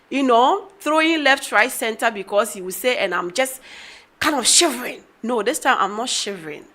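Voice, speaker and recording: Radio talk guest: middle-aged woman, bright, fairly high voice, animated storyteller who acts out dialogue.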